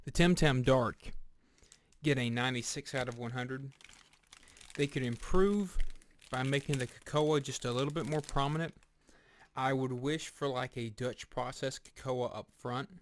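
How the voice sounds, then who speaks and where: A man giving a casual snack review, speaking deliberately and pausing often with fillers and restarts. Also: mid-range voice. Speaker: food reviewer. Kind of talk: casual product review vlog.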